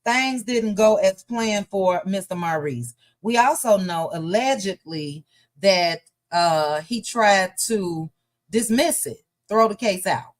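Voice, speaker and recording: A woman's voice: medium pitch, animated, slow. A woman hosting a casual gossip livestream from home, chatting and reading viewer comments aloud. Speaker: gossip show host.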